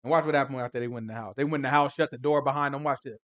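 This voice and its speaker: A man giving a casual Bible lesson, animated and conversational, acting out the scenes with slang. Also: medium pitch, rapid-fire, lo-fi sound. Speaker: Bible teacher.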